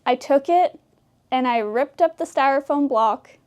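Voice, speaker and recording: Mellow-voiced teenage girl, giggly. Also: sits high. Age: teens. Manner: giggly, chatty, quick asides. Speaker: interviewee, high school senior. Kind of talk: casual interview storytelling.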